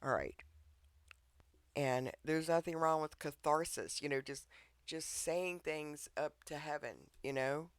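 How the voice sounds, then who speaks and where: A man's voice: fairly high pitch, slow, clean tone, no echo. A man preaching an informal devotional talk online, earnest and pleading, who keeps checking in with his listeners.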